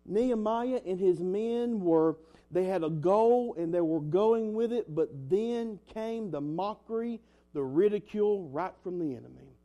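A man's voice: high-pitched, lively intonation, unhurried, dark tone. A young man preaching an earnest, emphatic sermon as a pastor, in a folksy way. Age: young adult.

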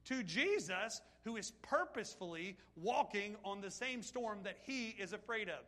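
High, bright-voiced preacher man. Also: normal speed. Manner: animated preaching, reads scripture aloud, asides to the congregation. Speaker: pastor. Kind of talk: sermon.

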